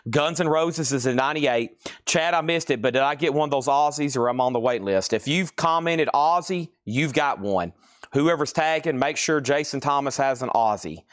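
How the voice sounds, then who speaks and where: On a live sales stream, a male host rattles off record prices and sold items in a brisk, repetitive, auctioneer-like way. His middle-pitched voice is clear and resonant, and the dry, close recording has no room sound around it.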